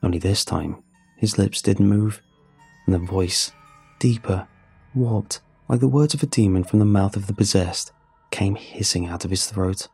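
A man telling a first-person horror story in a grim, measured way. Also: fairly low pitch, dark tone, breathy edge. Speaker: narrator.

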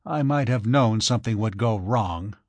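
A man voicing an irritable older millionaire who blusters loudly and contemptuously. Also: lowish voice, normal speed, no room sound, close to an everyday voice. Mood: grumbling.

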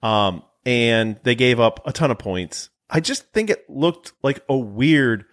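A man co-hosting a sports podcast, talking in an animated, bantering way. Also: mid-range voice, a little slow. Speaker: podcast co-host. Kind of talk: casual sports chat.

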